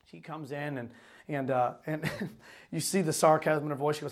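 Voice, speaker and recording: High-voiced male pastor preaching. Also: moderate pace. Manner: reads scripture aloud, then explains it in casual, animated talk. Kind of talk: sermon.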